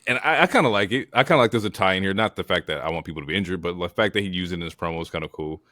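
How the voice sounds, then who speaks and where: A man's voice: deep voice, racing, bright, forceful tone, no echo, studio quality. A man co-hosting a wrestling podcast, joking and slangy in casual chat. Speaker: podcast co-host.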